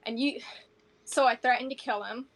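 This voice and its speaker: A woman's voice: a little high, fairly even intonation, moderate pace, background noise, close to an everyday voice. A woman voicing a guilt-ridden woman adventurer who pleads in rambling, run-on sentences. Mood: pleading.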